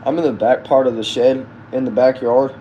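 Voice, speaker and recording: A man casually hosting a live stream from a backyard shed, reading viewers' comments aloud and answering them in a relaxed way. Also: mid-range voice, brisk, dull audio, slight background noise. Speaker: livestream host reading chat.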